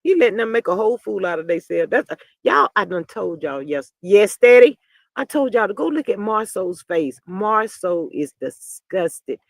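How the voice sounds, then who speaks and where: A man with a strikingly high voice hosts a live gossip stream, reacting to chat with sassy, animated commentary and frequent asides to his viewers. His voice sits close and dry, with no room sound around it. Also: no echo. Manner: sassy and animated, often calling listeners "child". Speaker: channel host reading live chat. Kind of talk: casual gossip commentary on a reality show.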